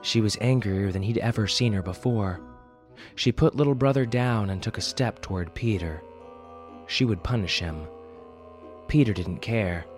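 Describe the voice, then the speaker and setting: A man hosting a podcast and reading a story aloud with expressive, wry delivery. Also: fairly low pitch, moderate pace, faint music behind. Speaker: podcast host and narrator. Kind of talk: storybook narration.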